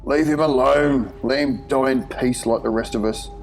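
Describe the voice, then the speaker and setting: A man's voice: mid-range voice, fairly even intonation, normal speed, creaky, slight background noise, voice pushed up, lightly acted. A man voicing a tired, resigned male prisoner who wants to be left to die in peace. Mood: weary. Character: weary, miserable male prisoner longing to die.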